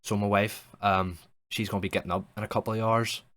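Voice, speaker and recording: Fretful, stammering husband, anxious, as a storyteller puts him on. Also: male voice, on the low side, little pitch movement, fairly quick, fairly bright tone, no room sound, studio quality, lightly acted. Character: fussy middle-aged husband, anxious and fretful.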